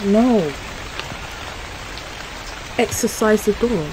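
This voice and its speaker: A woman's voice: mid-range voice, sing-song, slow pace, background noise. A young woman, commentating a horror game she is playing, jumpy and easily startled, with gasps and exclamations. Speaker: gaming YouTuber.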